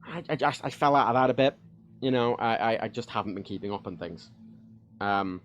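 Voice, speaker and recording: A man's voice: medium pitch, fairly quick, lo-fi sound. A man chatting frankly on a home livestream, rambling with many fillers and restarts. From United Kingdom. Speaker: streamer. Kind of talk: casual livestream chat. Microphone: desk microphone.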